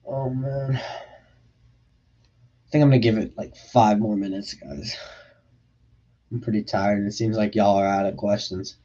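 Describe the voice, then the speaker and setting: A man's voice: on the low side, fairly even intonation, measured pace, pauses often, dark tone. Young male streamer, casual and profane, reading chat questions, lo-fi audio. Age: young adult. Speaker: livestream host. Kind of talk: casual livestream Q&A. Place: his bedroom.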